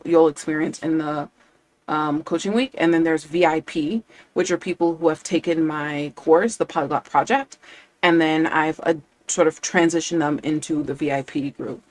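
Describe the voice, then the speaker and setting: A woman's voice: sits low, fairly bright tone. A woman language coach in casual live-stream chat, enthusiastic and chatty, laughing often as she talks.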